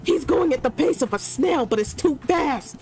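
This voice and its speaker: A woman gamer doing let's-play commentary at a desk mic, excitable, yelling commands at the game and bantering in casual slang. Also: sits high, moderate pace.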